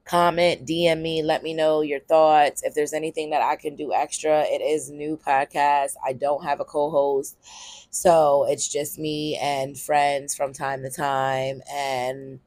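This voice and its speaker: A woman's voice: low voice, level tone, a little slow, a little mellow, no echo. A woman from Pennsylvania, a comedian hosting her own podcast, talking candidly in a loose, rambling way, full of ums and casual cursing. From Harrisburg, Pennsylvania, US. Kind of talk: casual solo podcast monologue.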